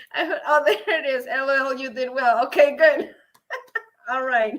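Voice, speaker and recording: A woman hosting a casual livestream, excitable and laughing often as she chats with viewers. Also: sits high, takes it slowly. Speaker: livestream host. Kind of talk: casual livestream chat reading viewer comments.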